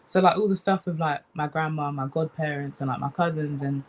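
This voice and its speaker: A young woman from the UK, a comedian chatting casually in an interview, animated and relaxed, often saying "man". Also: low-pitched, brisk. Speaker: comedian guest.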